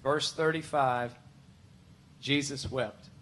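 A worship pastor preaching a conversational, emphatic sermon full of rhetorical questions. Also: male voice, mid-range voice, fairly even intonation, takes it slowly, a little hiss or hum. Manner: emphatic, shifts to loud pleading when voicing Martha.

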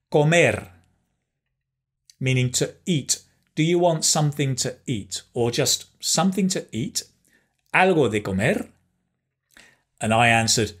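A man teaching a beginner language lesson, speaking slowly and carefully and pausing so learners can repeat phrases. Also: medium pitch, a bit bright, breathy edge. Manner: slow, careful, encouraging, pauses for repetition; switches between English and Spanish phrases. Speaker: Spanish teacher.

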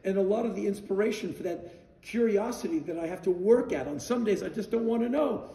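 A man in his sixties telling a casual anecdote in an animated, emphatic way, acting out the dialogue. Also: high voice, a little fast. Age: 60s. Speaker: storyteller guest. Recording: roomy sound, distant mic.

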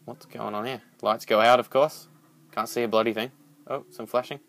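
A young man giving rambling, excitable let's-play commentary as a gaming channel host, swearing when startled. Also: medium pitch, moderate pace.

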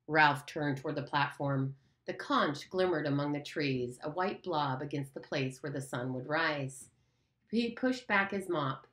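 A woman reads an audiobook aloud in a steady, measured way. Her voice sits low for a woman. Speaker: audiobook reader. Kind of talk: audiobook narration.

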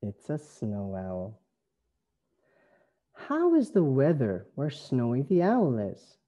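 A man from Canada with a Canadian accent, an English teacher reading a phonics lesson slowly in a sing-song way. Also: mid-range voice, wildly swooping pitch, warm tone. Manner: slow, sing-song, stretched words.

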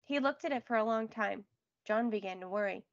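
A woman reading a children's book aloud in a clear, expressive storytelling voice. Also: mid-range voice, fairly quick, no room sound, dull audio. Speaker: read-aloud narrator.

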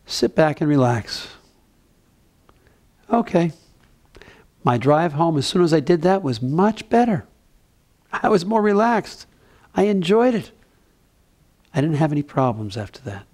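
New guy teaching mindfulness, easygoing, a bit playful, voice on the high side. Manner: gentle, conversational, playful asides. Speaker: spiritual teacher. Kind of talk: mindfulness talk.

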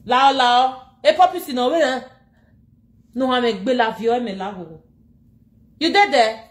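Animated Nigerian Pidgin-speaking woman, echoey room. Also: a little high, measured pace. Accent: Nigerian Pidgin English. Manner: animated, laughing, scolding and mocking, switching languages. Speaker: social media personality. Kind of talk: animated casual rant to camera.

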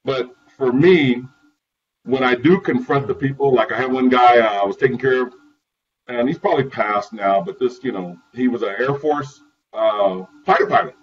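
A man chatting as an interview guest, telling lively stories about his caregiving work and often laughing. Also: mid-range voice, moderate pace. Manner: lively, laughing, acts out voices in anecdotes. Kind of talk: animated storytelling in conversation. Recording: distant, muffled, with crowd noise.

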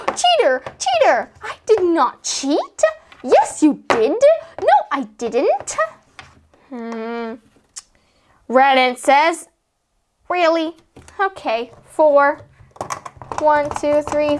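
A woman voicing little toddler girl dolls playing a board game, high and excitable, squealing when things go wrong. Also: noisy background, full character voice. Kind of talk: doll play narration.

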